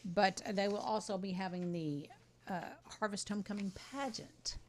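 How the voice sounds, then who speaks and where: A chatty woman, co-hosting a small-town TV talk show. She runs through community events in an upbeat, friendly way with quick asides. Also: medium pitch, fairly even intonation, a little hiss or hum. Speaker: co-host of a local TV talk show. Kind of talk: casual chat reading community announcements.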